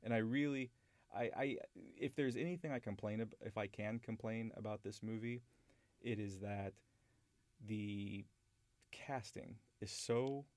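A man's voice: lowish voice, measured pace, a little mellow, no echo. A man hosting a podcast, talking through a film he loves in a rambling, enthusiastic way with many restarts. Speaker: podcast host. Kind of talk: casual film discussion.

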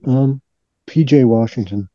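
A man guesting on a casual podcast, a former professor with a slow, laid-back way of talking. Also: medium pitch, no echo, dull audio. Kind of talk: casual chat.

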